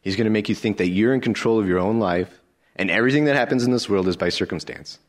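A man's voice: on the low side, quick pace. A male pastor giving a sermon, emphatic and rhetorical, with lots of repetition.

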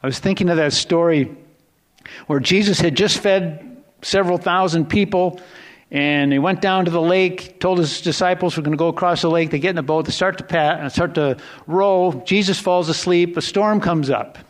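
A man with a slightly high voice preaches a sermon in a casual, conversational style. He often restarts his sentences, drops into hushed low asides and then climbs into excited emphasis. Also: moderate pace. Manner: conversational, rambling with restarts and self-corrections. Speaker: pastor.

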